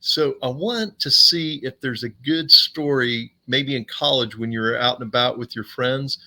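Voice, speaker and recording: Bright, sharp-voiced teasing podcast host. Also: male voice, mid-range voice, normal speed. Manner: teasing, likes putting guests on the spot. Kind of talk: casual interview.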